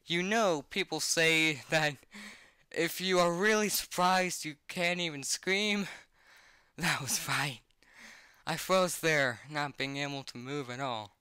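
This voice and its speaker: A man reacts to a scary comic from his bed, reading it out loud through a laptop mic. He swears nonstop and yelps when startled. His voice is bright and crisp, and the sound is close and dry. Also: a little high, animated, measured pace, no room sound. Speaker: webcomic reactor. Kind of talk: horror comic reaction, read aloud.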